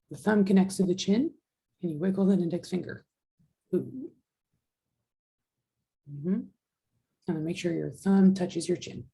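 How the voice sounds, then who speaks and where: Gravelly-voiced woman teaching a class. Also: fairly low pitch, mellow, low-quality recording. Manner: patient, explains step by step. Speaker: sign language teacher. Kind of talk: online class instruction.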